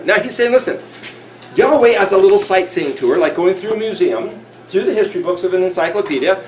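High-voiced man teaching scripture. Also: lively intonation, fast talker, a little mellow. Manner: reads verses aloud then explains them conversationally. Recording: roomy with faint background noise.

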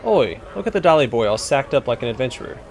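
A swaggering tavern bully from a fantasy game, voiced by a man reading the dialogue, who jeers and goads. His pitch leaps up and down as he mocks, and the tone stays brash throughout. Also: very animated, fast, a little hiss or hum. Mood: taunting. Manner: taunting, jeering.

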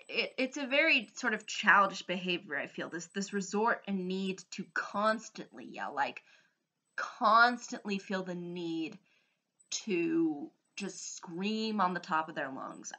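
A woman's voice: lowish voice, sharp tone. A woman vlogger giving her opinion in a casual, earnest ramble, often restarting her sentences.

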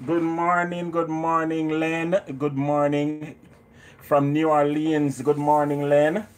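A man's voice: on the high side, completely flat delivery, slow. A man with a Jamaican accent hosting a live cooking stream from a home kitchen, chatting and greeting viewers by name. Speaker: cooking show host.

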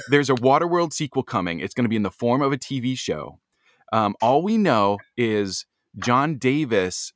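A man's voice: mid-range voice, no room sound. A stuffed-up man hosts a laid-back podcast on a close mic in a dry, dead room. He chats loosely, laughs often and trips over words while searching for the right one. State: stuffed up, congested. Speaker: podcast host. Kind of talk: casual podcast chat.

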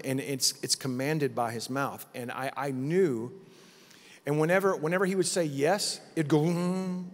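A middle-aged man preaching at a conference, telling a vision story with lively acted-out quotes. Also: medium pitch. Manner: animated storytelling, acting out quotes. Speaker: pastor. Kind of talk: conference sermon testimony. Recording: long hall reverb.

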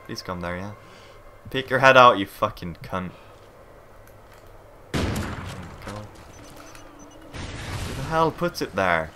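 A man's voice: fairly low pitch, sing-song, slow pace, long pauses, sharp tone. A man doing live gameplay commentary, frustrated and swearing as he plays. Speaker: gamer. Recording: game noise clearly behind.

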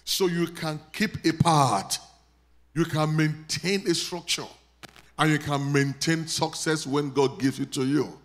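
A man with a Nigerian accent preaching a sermon, leading his congregation in call and response and rising to loud prayer declarations. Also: on the high side, steady tone, unhurried. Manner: builds to loud declarations when praying over the congregation. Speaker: pastor.

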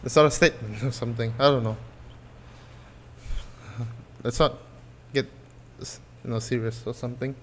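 A man's voice: mid-range voice, fairly even intonation, moderate pace, pauses often, a bit bright, a little hiss or hum. A man giving casual let's-play commentary on a horror game, nervous, jokey and profane, rambling as he goes. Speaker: gameplay channel host.

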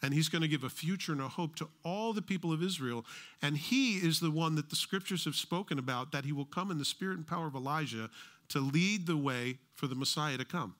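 A man's voice: a little high, fairly quick, fairly bright tone. A middle-aged American man preaching a sermon as pastor, conversational with joking asides.

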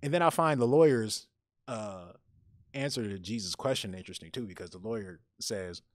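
A podcast co-host tells a story animatedly in casual chat, restarting his sentences often. He speaks at normal speed with a fairly low voice, recorded dry with clean studio sound.

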